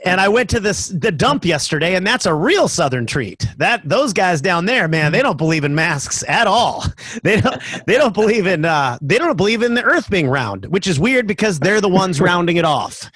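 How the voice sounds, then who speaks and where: A man's voice: high voice, sing-song, normal speed, fairly bright tone, slightly rough, no echo. A man in his fifties doing a stand-up comedy set over a video call, telling jokey stories with lots of fillers. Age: 50s.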